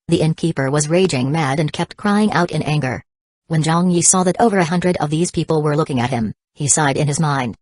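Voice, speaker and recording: Low-voiced woman narrating a novel. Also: a little fast, darkish tone, dry recording. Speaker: audiobook narrator. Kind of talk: scripted narration.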